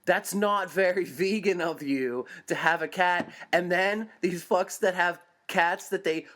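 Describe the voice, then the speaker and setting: Male co-host, slightly high voice, profane heated ranter. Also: a little slow, a bit bright. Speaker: podcast co-host. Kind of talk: profane ranting comedy chat.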